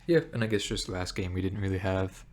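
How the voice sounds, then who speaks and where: A man giving casual commentary on his own card game, thinking aloud with many pauses and fillers. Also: deep voice, steady tone, darkish tone, slight background noise. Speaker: gameplay streamer.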